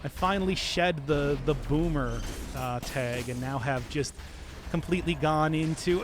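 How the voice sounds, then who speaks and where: A man's voice: a little high, unhurried, faint music behind. A man from the US Midwest with a Midwestern accent, chatting casually with his viewers while streaming a game, rambling and chuckling often. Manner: rambling, animated, chuckles often, talks to chat.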